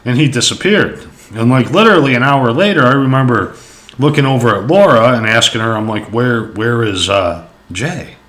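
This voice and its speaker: A man's voice: medium pitch, expressive, brisk, a bit bright. A young man telling a personal story in a rambling, casual way, with lots of fillers and swearing. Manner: rambling, profane, many fillers.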